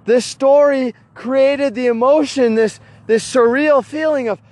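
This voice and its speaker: A man telling a story in a casual monologue, animated, with frequent restarts and repeated words, recorded outdoors. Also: very high-pitched, measured pace, few pauses.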